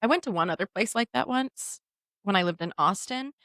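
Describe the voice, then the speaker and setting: A woman co-hosting a podcast, telling a funny story in a casual, animated way and often laughing. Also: medium pitch, fairly quick, dry recording, studio quality. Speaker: podcast co-host.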